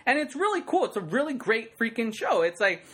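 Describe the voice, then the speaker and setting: Excitable man, bright voice. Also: very high voice, brisk. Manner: excitable and rambling, fills speech with "like" and acted-out sound effects. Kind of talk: casual chat.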